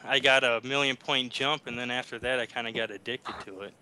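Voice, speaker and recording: A man co-hosts a casual gaming podcast, chatting easily while he plays along. His voice is very bright and tense at the top. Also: medium pitch, steady tone, a little fast, smooth, low-quality recording. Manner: chatty, easygoing, laughs along. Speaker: podcast co-host.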